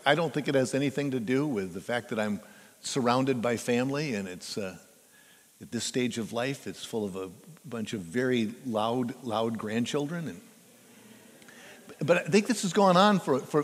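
An older man preaching a sermon as pastor, halting and repeating himself, then landing hard on key words. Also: medium pitch. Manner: halting, repeats words, building to emphatic stresses. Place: church sanctuary. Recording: long church reverb.

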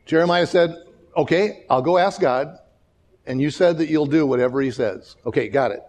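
A man's voice: a little high, normal speed. A man preaching a sermon as pastor, telling stories and acting out the people he quotes, often restarting and repeating words. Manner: animated storytelling, acts out quoted voices.

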